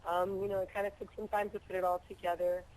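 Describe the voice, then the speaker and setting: A woman from Miami, a pop singer, calling in to a radio show, hoarse from being sick and chatting brightly. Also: medium pitch, flat delivery, fast talker, slight background noise, low-quality recording. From Miami, Florida. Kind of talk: phone-in interview.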